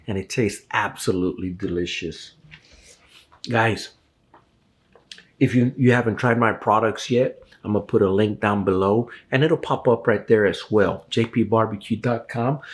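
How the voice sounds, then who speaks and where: Slow, easygoing man at the grill. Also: fairly low pitch. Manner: slow, relaxed and enthusiastic, addressing viewers as guys. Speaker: barbecue channel host. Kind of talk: casual cooking video talk to camera. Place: outdoors at a grill.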